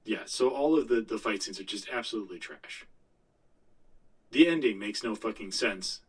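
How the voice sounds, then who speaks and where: A man's voice: on the low side, lively intonation, moderate pace, breathy edge, distant mic, rough recording. A man co-hosting a podcast, giving a blunt, rambling movie review with lots of restarts. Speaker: podcast co-host. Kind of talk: casual movie review chat.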